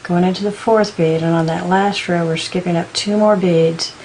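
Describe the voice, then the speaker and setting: A woman giving a patient step-by-step beading tutorial, counting out beads slowly as she works. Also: on the low side, fairly even intonation, a little mellow, a little hiss or hum, rough recording. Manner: patient, counts beads aloud in slow steps. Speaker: beading instructor.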